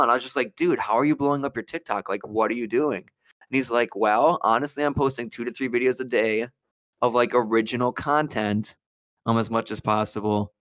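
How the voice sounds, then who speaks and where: Animated young man telling a story. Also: medium pitch, brisk, dry recording, clean studio sound. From Wisconsin. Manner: animated storyteller, acts out quotes. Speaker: podcast co-host. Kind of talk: casual chat.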